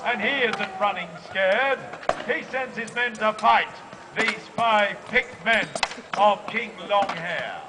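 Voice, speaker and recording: A man's voice: high-pitched, slow pace. An Australian man giving jokey live commentary at an outdoor festival, punning and rousing the crowd over a PA. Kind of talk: comic live event commentary. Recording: loud crowd and outdoor noise. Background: cheering crowd.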